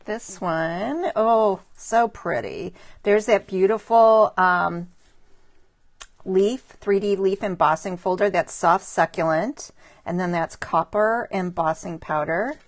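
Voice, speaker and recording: A middle-aged woman chatting warmly on a live craft stream, admiring handmade cards and greeting viewers by name. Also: mid-range voice, slow. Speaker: stamping demonstrator showing cards to live viewers. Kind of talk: casual live craft show-and-tell.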